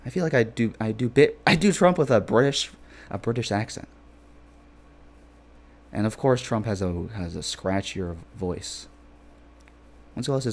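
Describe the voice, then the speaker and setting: A man streams a game and chats casually with viewers, rambling in a jokey, playful way and packing in filler phrases. His voice is on the low side and expressive, at a moderate pace with long pauses and slight background noise.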